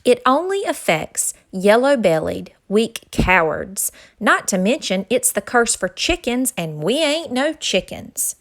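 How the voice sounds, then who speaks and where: A woman's voice: a little high, sing-song, unhurried, few pauses, full character voice. A woman voicing a proud gamecock rooster who talks in an emphatic, scolding way. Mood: indignant.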